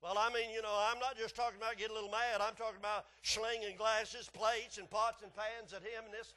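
A man's voice: high-pitched, little pitch movement, fairly quick, sharp tone, pitched above the performer's own voice. A man voicing a worried churchwoman confessing her temper. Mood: fretful. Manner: fretful, pleading.

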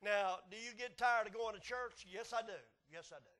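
A man preaching a folksy sermon that swings from hushed tones to shouts. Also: high-pitched, normal speed, few pauses.

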